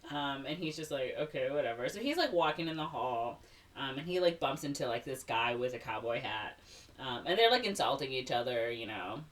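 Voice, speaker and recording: On a podcast, a young woman casually retells a movie, rambling with plenty of fillers and little put-on voices for the characters. Her voice is extremely low-pitched at a normal speed, and she sounds far from the mic.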